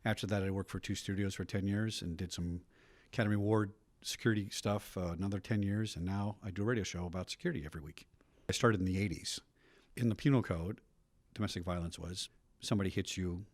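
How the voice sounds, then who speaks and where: Brief: middle-aged ex-cop, brisk storyteller, quick delivery, lowish voice. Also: male voice, fairly even intonation, a little mellow, dry recording. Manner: brisk storytelling with frequent asides. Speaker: retired police officer. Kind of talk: documentary interview.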